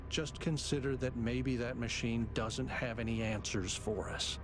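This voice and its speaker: An actor voicing a gentle, earnest male robot friend in a video game, speaking softly and sincerely. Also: mid-range voice, steady tone, measured pace, close to an everyday voice. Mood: pleading. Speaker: game character. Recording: game music behind.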